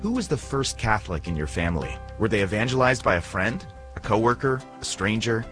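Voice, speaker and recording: A man's voice: lowish voice, sing-song, a little fast, fairly bright tone. A man reads a scripted radio advertisement. His tone is earnest. He asks the listener rhetorical questions. Faint music plays underneath. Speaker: announcer.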